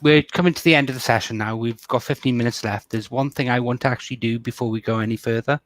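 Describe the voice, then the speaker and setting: A man narrating as game master of a tabletop role-play, setting scenes briskly. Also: mid-range voice, steady tone, no echo.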